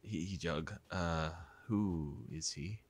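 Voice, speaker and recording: A man's voice: low-pitched, takes it slowly, husky, exaggerated voice. A man reading a timid stammering schoolboy. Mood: nervous. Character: timid young male schoolmate, nervous.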